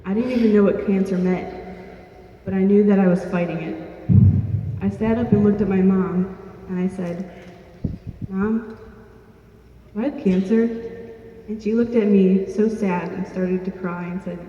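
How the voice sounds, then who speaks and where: Young woman, earnest storyteller, flat delivery; dull, distant recording with heavy room echo. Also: medium pitch, moderate pace. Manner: earnest, plain-spoken, with small restarts. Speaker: speaker telling her own story. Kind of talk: personal storytelling to an audience. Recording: distant, dull-sounding mic in an echoey hall.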